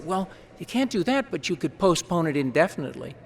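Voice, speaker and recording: A man who serves as parliamentarian, briefing a large assembly on procedure in a folksy, quick way with chatty asides. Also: high voice, big pitch swings. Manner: folksy, quick-talking, explains rules with asides. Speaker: parliamentarian advising delegates. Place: large conference hall.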